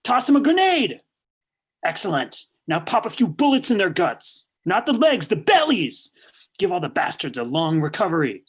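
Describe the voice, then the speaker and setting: Woman doing a nasty riot cop guy, snarling orders, husky and swinging all over in pitch. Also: big pitch swings, moderate pace. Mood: cold. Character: brutal riot policeman, male, cruel and vulgar. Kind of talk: staged play reading.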